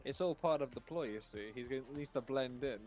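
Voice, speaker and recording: A man's voice: mid-range voice, a little fast, darkish tone. Wry man joking on a call. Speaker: stream guest. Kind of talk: casual chat on a call.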